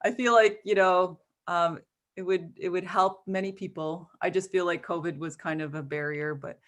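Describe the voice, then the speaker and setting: A woman's voice: on the low side, fairly even intonation, normal speed. A middle-aged woman filmmaker speaking animatedly in a Q&A over a video call, laughing often and acting out quotes. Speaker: filmmaker and guest.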